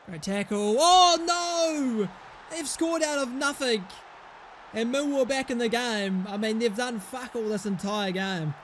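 A young man, commentating on his own football management game in an excitable, sweary way. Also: sits high, moderate pace, slight background noise. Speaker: gaming YouTuber.

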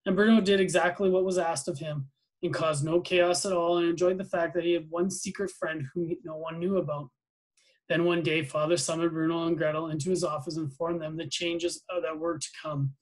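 A man with a slightly high voice reads a novel aloud to his students. His reading is plain and even, with small slips that he corrects as he goes. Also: normal speed, low-quality recording.

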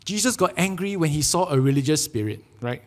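A young adult man with a Singaporean English accent, preaching a sermon as a pastor, telling stories with lively energy and often checking in with "right?". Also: on the high side, a little fast. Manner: animated storytelling with frequent "right?" tags. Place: church sanctuary. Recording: long church hall reverb.

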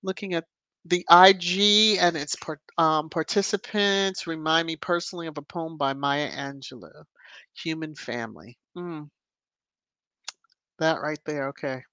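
A woman hosting a casual livestream, chatting and greeting viewers by name with lively rises in her voice. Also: low-pitched, a little slow, dry recording. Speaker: livestream host. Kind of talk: casual live chat reading viewer comments.

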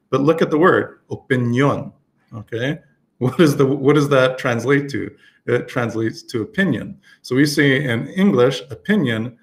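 Guy running a live language lesson, loose and chatty, lots of um and uh. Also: medium pitch. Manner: casual, chatty, with frequent fillers and restarts. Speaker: Spanish teacher.

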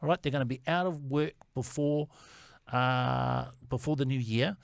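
A man's voice: mid-range voice, normal speed, vocal fry, clean tone, no room sound. Kiwi guy on a politics panel, earnest, says things twice, dry studio. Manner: earnest, repeats himself.

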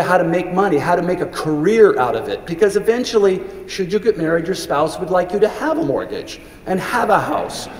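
In a large, echoing hall, a middle-aged man with a high-pitched, darkish voice gives a commencement speech. He shares earnest stories, restarting often, and is briefly overcome with emotion. The sound is reverberant.

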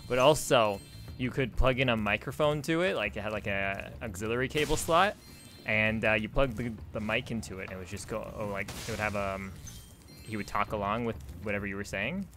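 A man giving casual, rambling commentary while playing a video game, chatty and quick to laugh. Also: fairly low pitch, a bit bright, faint music behind. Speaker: let's play host.

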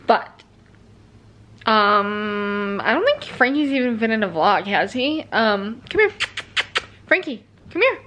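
A young woman talks casually into the camera from her couch, rambling a little and filling gaps with ums. A new tooth crown gives her speech a slight lisp. Her voice sits at an ordinary middle pitch for a woman. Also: lively intonation, takes it slowly, a bit bright. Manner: chatty, rambling, many fillers. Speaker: vlogger. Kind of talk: casual vlog chat. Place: living room at home, on the couch.

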